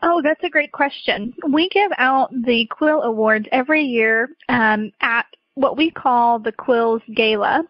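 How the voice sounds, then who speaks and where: A woman speaks as a guest on a podcast interview, friendly and casual, with frequent ums. Her voice sits on the higher side, heard in close, dry and somewhat muffled audio. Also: unhurried, no room sound. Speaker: association president, interview guest.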